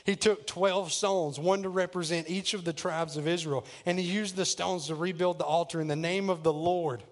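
Preacher, jokey and lively. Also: male voice, high voice, normal speed. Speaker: pastor. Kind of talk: sermon storytelling.

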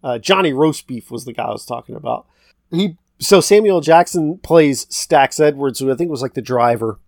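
A man's voice: mid-range voice, expressive, normal speed, gravelly, darkish tone, dry recording, clean studio sound. A man co-hosting a podcast, loosely retelling a film's plot in a rambling, casual way and quoting characters. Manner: rambling, retells scenes with quoted lines. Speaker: podcast co-host. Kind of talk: casual movie recap chat.

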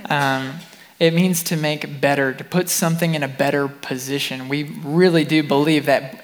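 A young man sharing a personal faith testimony alongside his wife, earnest and lively when he quotes himself. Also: a little high, moderate pace, big-room sound.

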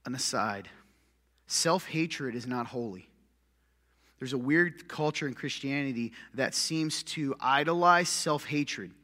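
A man preaching a sermon as pastor, punchy and joking, swinging from loud calls to muttered asides. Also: on the high side, lively intonation, measured pace. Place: church hall with long reverb. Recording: echoey church hall.

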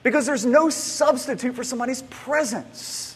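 A man's voice: very high-pitched, normal speed, slightly rough. A man in his thirties preaching a sermon, telling stories in a loose, conversational way with many restarts. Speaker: pastor. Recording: long hall reverb.

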